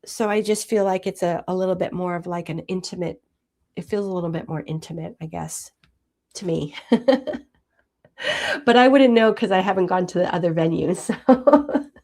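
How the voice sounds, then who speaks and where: A woman in her sixties hosting a casual live chat, reading viewer comments aloud and answering them in a chatty way, with frequent fillers and soft laughs. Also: lowish voice, normal speed. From Hawaii. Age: 60s. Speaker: livestream host.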